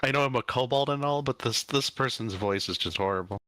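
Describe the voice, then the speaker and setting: A man's voice: medium pitch, brisk, sharp tone, no room sound. A man playing a tabletop role-playing game, talking in a laid-back, joking way. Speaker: player. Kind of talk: casual tabletop game play.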